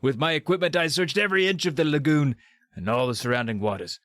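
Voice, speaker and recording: A man voicing a formal scientist uncle with a put-on Scottish movie-star accent, speaking in a measured, unhurried way. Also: fairly high pitch, a bit bright, no echo, studio quality, pitched above the performer's own voice, close to an everyday voice. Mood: earnest.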